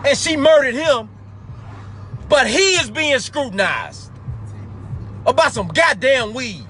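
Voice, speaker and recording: High-voiced man ranting in heated fury. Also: very animated, slow pace, long pauses, bright, forceful tone. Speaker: live talk show host. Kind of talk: angry commentary monologue. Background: faint background music.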